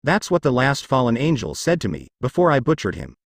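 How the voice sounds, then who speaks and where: A man voicing a brooding, protective teenage boy with a blunt, even delivery. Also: mid-range voice, fairly quick, creaky, no echo, clean studio sound, exaggerated voice. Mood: menacing.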